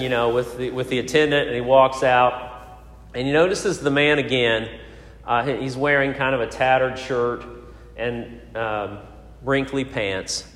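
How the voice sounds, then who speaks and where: A man preaching a sermon, telling a story with many pauses, fillers and restarts. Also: medium pitch, fairly bright tone. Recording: echoey hall.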